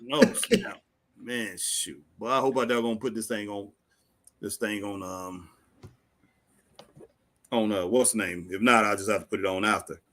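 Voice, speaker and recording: A man co-hosts a casual wrestling talk stream. His voice is bright and forceful, his delivery easygoing and drawn out, and he keeps saying "man.". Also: fairly low pitch, steady tone. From Southern United States. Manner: laid-back, drawn-out, says "man" often. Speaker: podcast co-host. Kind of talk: casual chat. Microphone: live stream.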